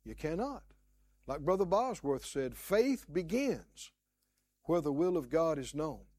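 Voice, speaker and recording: Male preacher, slow and emphatic, high voice that jumps around a lot, dry close sound. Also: expressive, darkish tone, no room sound. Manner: emphatic, repeats key words, acts out quoted prayers. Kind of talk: sermon.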